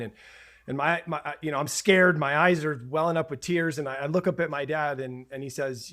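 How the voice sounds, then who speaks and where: A man in his forties telling a long personal story as a podcast guest, halting and restarting often, then growing animated as he relives the scenes. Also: medium pitch.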